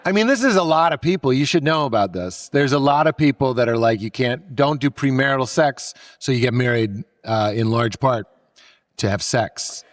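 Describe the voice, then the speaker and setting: A middle-aged comedian from Massachusetts chats easily as a podcast guest. He tells his stories in a joking, self-deprecating way at an ordinary pitch. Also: lively intonation, normal speed. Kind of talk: casual podcast conversation.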